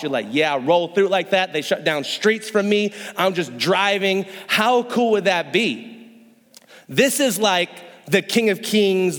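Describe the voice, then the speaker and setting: A man's voice: high-pitched, a bit bright. A young man preaching a sermon in a church, joking playfully and acting out voices. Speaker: pastor. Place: church hall. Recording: long hall reverb.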